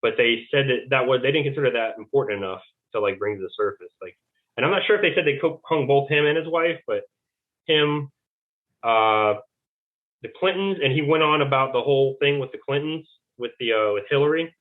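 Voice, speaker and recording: A man's voice: mid-range voice, a little fast. Rambling man on a tinny phone line. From United States. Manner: rambling, fills speech with "like" and restarts. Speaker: podcast guest, Navy veteran. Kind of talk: rambling storytelling in conversation.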